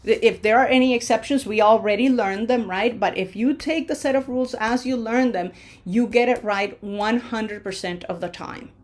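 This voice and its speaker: A woman teaching pronunciation in a slow lesson, drawing out each syllable and often checking in with "okay?". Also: a little high. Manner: drawn-out syllable-by-syllable modeling of words.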